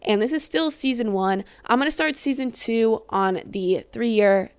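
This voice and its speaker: A woman's voice: on the high side, a little slow, clean tone, no echo. A young woman hosting her own podcast, rambling and chatty, swearing freely, a bit out of breath and tired. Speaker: podcast host. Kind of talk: casual solo podcast chat.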